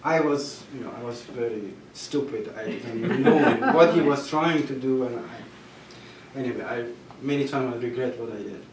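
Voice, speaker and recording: A man with a Persian accent and Persian as his first language, telling personal stories at a gathering, halting and restarting, with soft laughs. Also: medium pitch, over a noisy crowd. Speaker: storyteller at a gathering. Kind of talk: personal storytelling. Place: gathering room. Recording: echoey room, mic far off.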